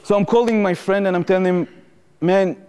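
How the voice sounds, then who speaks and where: A young Israeli man, a former soldier, gives testimony at a live talk in a reverberant hall, speaking non-native English with an Israeli accent. His voice is high-pitched, clear and resonant, and he talks fast. He tells his personal story animatedly, acting out what people said.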